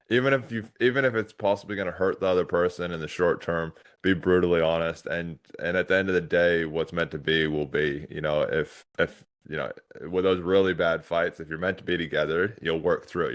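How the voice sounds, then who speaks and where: A man's voice: sits low, steady tone, fairly quick, hardly any pauses. A man hosting an interview, asking long rambling questions with many repeated words. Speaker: podcast host. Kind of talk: casual interview talk.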